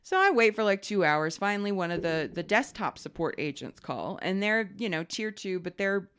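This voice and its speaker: A woman's voice: medium pitch, moderate pace, smooth. A woman co-hosting a podcast, chatting casually and acting out the voices in her story. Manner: animated storyteller, acts out dialogue in other voices. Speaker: podcast co-host.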